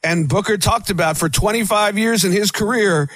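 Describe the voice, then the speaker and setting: A man's voice: sits high, moderate pace, a bit bright, no echo. A man telling wrestling stories in a casual interview, rambling with many restarts.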